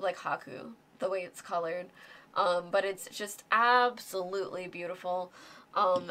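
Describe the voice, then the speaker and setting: A woman hosting a casual show-and-tell vlog, gushing and excitable with plenty of filler words. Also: mid-range voice. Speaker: guest host showing board game miniatures.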